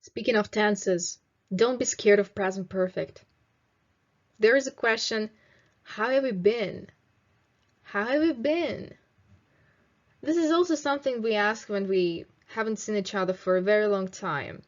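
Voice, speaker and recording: A young woman teaching English in a video lesson, slowly modelling phrases for students to repeat. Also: mid-range voice, dull audio. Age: 20s. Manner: slow, clear teaching delivery with drilled example phrases.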